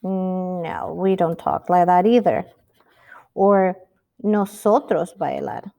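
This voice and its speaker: Slow-paced woman teaching Spanish verbs. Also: lowish voice, steady tone, vocal fry, warm tone. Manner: slow, patient, rhetorical questions. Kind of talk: recorded classroom lesson.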